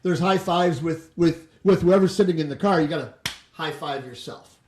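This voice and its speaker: A man's voice: fairly high pitch, normal speed, darkish tone. Rambling man host in an echoey room. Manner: rambling, stumbling restarts. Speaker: podcast host, home inspector. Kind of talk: casual interview chat.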